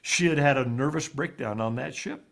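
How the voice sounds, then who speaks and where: Being interviewed, this author, who grew up in Ivory Coast, recounts something personal in a halting manner with vocal fry. He repeats words often, and his voice sinks low and soft when the story turns painful.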